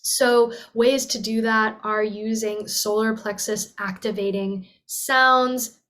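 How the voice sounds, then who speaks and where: A young woman teaches voice in an earnest, flowing way, with a fairly high speaking pitch. She breaks off to demonstrate with sighs and sung vowels. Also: steady tone, takes it slowly, fairly bright tone. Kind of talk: teaching talk with vocal demonstrations.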